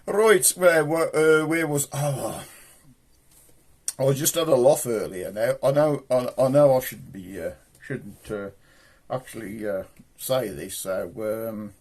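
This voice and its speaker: A man's voice: medium pitch, measured pace, slight background noise. A man with a Black Country accent hosting a homemade comedy show, rambling and joking in thick dialect. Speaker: puppet comedy show host. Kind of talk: rambling comic chat to viewers.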